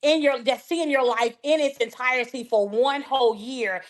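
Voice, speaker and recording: Animated woman with a high voice. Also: normal speed. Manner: animated, acts out dialogue in her stories. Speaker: podcast guest, life coach and author. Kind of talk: faith-based conversational storytelling.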